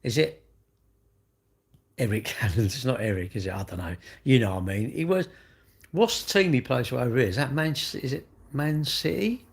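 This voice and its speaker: A man's voice: medium pitch, lively intonation, moderate pace, vocal fry. A middle-aged English man chatting casually on his own livestream, rambling and full of tag questions. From England. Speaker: livestream host.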